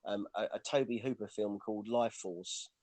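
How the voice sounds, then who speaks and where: Male podcast co-host, low voice, rambling casual film talk, dry sound. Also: moderate pace, a little mellow, dry recording. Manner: rambling, lots of restarts and "you know".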